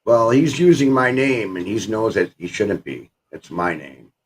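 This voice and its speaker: A man's voice: lowish voice, animated, measured pace, slight background noise. A man in casual chat, drawling and hesitant. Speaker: guest.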